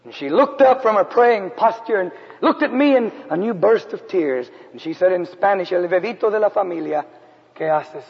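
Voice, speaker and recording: A man preaching a personal testimony in a sermon, moving from loud, raised lines to hushed, quiet ones. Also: high voice, animated, normal speed, creaky, slightly rough. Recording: dull lo-fi recording with long hall reverb.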